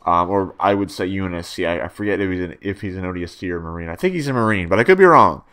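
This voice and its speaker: A man's voice: deep voice, lively intonation, rapid-fire, a bit bright, clean tone. A young man giving a casual spoken video review, rambling with many fillers and restarts and swearing freely.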